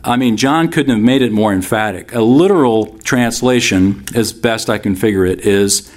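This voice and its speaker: A man's voice: lowish voice, normal speed, hardly any pauses. A man preaching a sermon, reading scripture aloud and explaining it in a conversational, expository way. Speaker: pastor.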